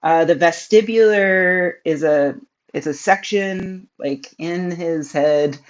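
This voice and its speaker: A woman in her thirties tells a story from her home office in a low, unhurried voice. She rambles and fills pauses with "like" and "um," and she laughs easily. The sound is a little dull and lo-fi. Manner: chatty, rambling with many fillers and laughs. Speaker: vlogger. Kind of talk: casual storytelling to camera.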